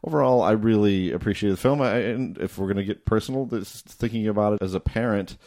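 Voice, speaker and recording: A man's voice: on the low side, a little fast, a little mellow, no room sound, studio quality. A middle-aged man hosting a casual film discussion, thoughtful and full of small restarts.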